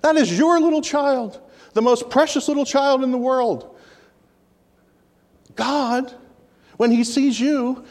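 A man's voice: high-pitched, expressive, a little slow, darkish tone. A man preaching a sermon in a church, earnest and repeating key phrases for emphasis. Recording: reverberant hall.

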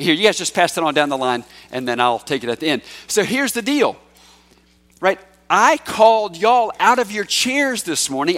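A man's voice: sits high, fairly bright tone. A male pastor preaching a sermon in a church, talking conversationally and coaxing children forward in a playful way. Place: church sanctuary.

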